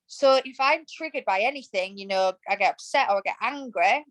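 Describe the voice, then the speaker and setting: A woman in her thirties, guesting on a podcast, speaks passionately and emphatically in a casual interview, acting out quoted thoughts. Her mid-range voice is brisk and a bit bright, though the audio is poor.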